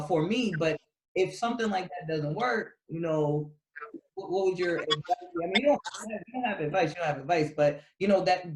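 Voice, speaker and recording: A man's voice: fairly high pitch, reverberant, a little hiss or hum, rough recording. A man hosting an online panel, asking long, rambling questions full of fillers. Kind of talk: casual panel talk.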